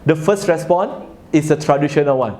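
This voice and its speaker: A man's voice: a little high, fairly quick, a little mellow. A man giving a religious talk to a live audience, telling a story and asking listeners questions. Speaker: religious speaker.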